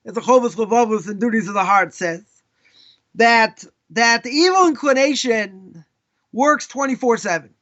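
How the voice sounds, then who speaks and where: High, bright-voiced Boston rabbi teaching. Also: male voice, moderate pace, lo-fi sound. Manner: storytelling, acts out questions in quoted voices. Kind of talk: live Torah class.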